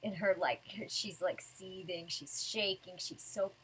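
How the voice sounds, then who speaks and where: A woman's voice: lowish voice, measured pace, fairly bright tone, breathy edge, poor audio. A woman reviewing a manga chapter in a casual, rambling way, giggling and full of fillers.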